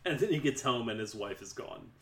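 A man casually retelling a film's plot to a friend in a relaxed, dry way. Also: mid-range voice, a little fast. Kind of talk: casual movie review chat.

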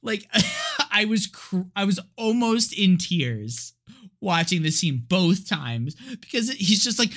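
A podcast co-host with a high-sitting, slightly bright, sing-song voice talks at a measured pace. He chats casually about a movie, laughing often and using plenty of filler words.

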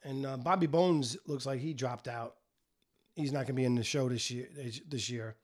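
A man hosting a casual chat podcast, speaking in a calm, low-key way with brief replies. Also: moderate pace. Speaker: podcast host.

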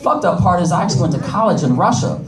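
A man's voice: high voice, expressive, racing, reverberant, recorded from a distance, over a noisy crowd, rough recording. A man doing a stand-up comedy set, with brash joking asides to the audience. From United States. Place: comedy club stage.

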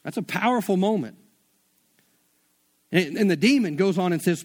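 A man's voice: sits high, lively intonation, normal speed. A man preaching a sermon in a casual, conversational way, mixing slang into his teaching.

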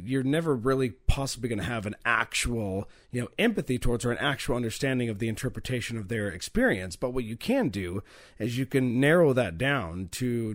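A male actor appearing as a podcast guest, speaking earnestly and thoughtfully. His voice has an ordinary middle pitch. The recording is dry and close. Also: no room sound. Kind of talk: casual chat.

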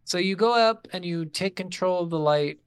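A man co-hosting a casual game review podcast, animated, swearing freely and acting out his reactions. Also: sits high, moderate pace, clean tone, dry recording. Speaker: podcast co-host.

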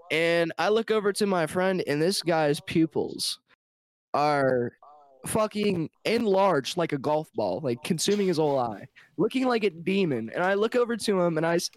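Animated teen guy with a slightly high, dry voice. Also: dry recording. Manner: animated, joking storyteller who swears freely. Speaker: podcast co-host. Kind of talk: casual storytelling chat.

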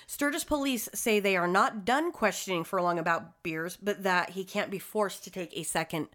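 A woman's voice: mid-range voice, moderate pace, fairly bright tone. Casual true-crime podcaster woman, swearing. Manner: reads case details then swears and riffs. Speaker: podcast co-host.

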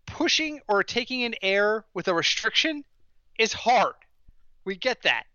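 A man with a high, bright voice co-hosts a casual sports podcast. He tells stories with animation and builds his rants to comic punchlines. The sound is dry and slightly dull, close to the mic. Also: very animated, a little slow, no echo. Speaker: podcast co-host.

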